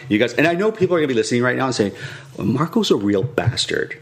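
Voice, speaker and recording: A man's voice: mid-range voice, rapid-fire. A man co-hosting a podcast, telling a comic story about a customer service chat and acting out both sides of the exchange. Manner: animated, acts out both sides of a conversation. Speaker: podcast co-host.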